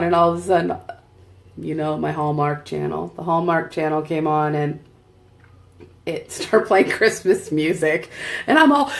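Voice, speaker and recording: A woman's voice: fairly low pitch, gravelly. A woman at home chatting casually while doing her makeup in front of a camera, rambling and laughing often. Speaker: makeup vlogger and seller. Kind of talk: casual tutorial chat.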